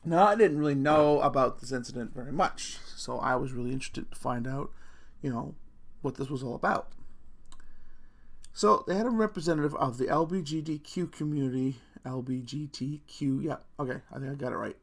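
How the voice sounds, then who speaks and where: A man's voice: medium pitch, a little fast, vocal fry. A middle-aged man ranting casually to camera, rambling through stories with swearing and self-mocking laughs. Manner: rambling, profane, laughing at himself. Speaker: vlogger.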